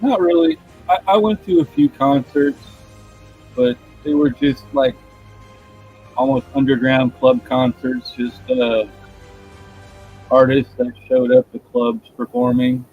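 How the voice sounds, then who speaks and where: Male co-host, gravelly and relaxed, muffled lo-fi audio with faint music. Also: sits high, slow, long pauses. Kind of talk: casual chat. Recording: dull lo-fi sound, faint music.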